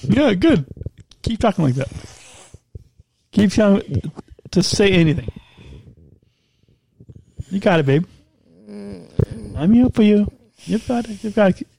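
A man co-hosting a podcast, playful and teasing, talking fast with lots of restarts. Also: high-pitched, creaky, slight background noise. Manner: energetic, talkative. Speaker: podcast co-host. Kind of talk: casual chat and ad reads.

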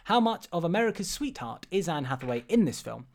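Animated, stumbling podcast host, a man. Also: on the high side, brisk. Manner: animated, stumbling, swears often. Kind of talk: casual film podcast chat.

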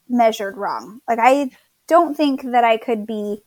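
A woman's voice: fairly high pitch, slow pace, no echo. A young woman casually telling her birth story, chatty, quoting others and laughing at herself.

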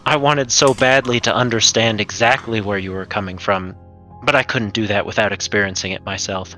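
A man's voice: lowish voice, fairly quick, pushed and bright, faint music behind. A man playing a tabletop role-playing game, speaking earnestly and reflectively in character. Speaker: player. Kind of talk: in-character role-play talk.

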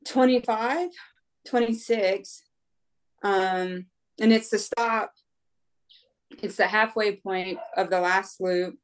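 A woman's voice: medium pitch, clean tone. A woman from the United States telling a race story in a casual, chatty way. She laughs often, leans on "like" and "right?", and acts out her own inner voice. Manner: frequent fillers like "like" and "right?". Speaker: guest, ultra-runner.

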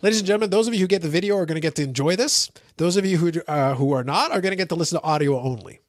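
A man hosting a podcast in casual chat, teasing and animated as he plays a clip for his co-host. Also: fairly high pitch, racing, no room sound, clean studio sound.

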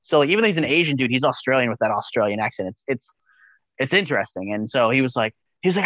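A man's voice: medium pitch, animated, fast talker, fairly bright tone, no echo, lo-fi sound. A man chatting casually as a podcast guest, rambling with enthusiasm and swearing freely. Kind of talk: casual chat.

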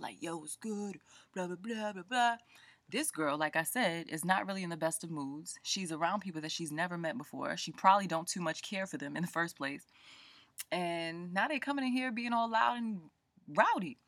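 A woman speaking tells a story in a casual, animated rant, and she acts out the people in it. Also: fairly low pitch, no room sound. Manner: animated, colloquial, quoting people in voices. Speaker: book vlogger.

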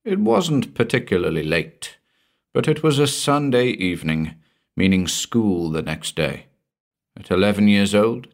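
Low-voiced male narrator for a weird tale, measured, sinks soft at dark moments. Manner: measured, dropping low and soft at ominous lines. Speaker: story narrator. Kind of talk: scripted narration of a spooky tale.

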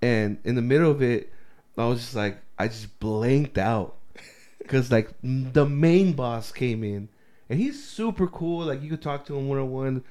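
Man co-hosting a casual talk, loose animated storyteller, salty language. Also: medium pitch, measured pace. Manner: rambling, swears a lot, animated storytelling. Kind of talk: casual chat.

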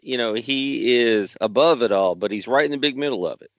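A man co-hosting a casual chat, dry and sarcastic, with halting restarts. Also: mid-range voice, fairly bright tone, no echo. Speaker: podcast co-host. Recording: slightly dull, lo-fi sound.

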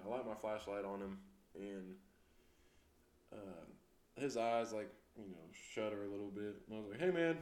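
A man's voice: fairly low pitch, darkish tone. A man co-hosting a casual podcast, telling his police stories in a laid-back, profane way and laughing along the way. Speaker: podcast co-host, police officer. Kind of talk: casual storytelling chat. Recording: echoey room.

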